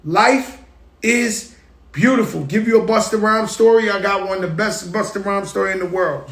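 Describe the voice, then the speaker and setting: High-voiced man telling stories, roomy sound. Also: fairly quick. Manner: animated, tells stories with hype and sound effects. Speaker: show host. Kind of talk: casual storytelling monologue. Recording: roomy echo.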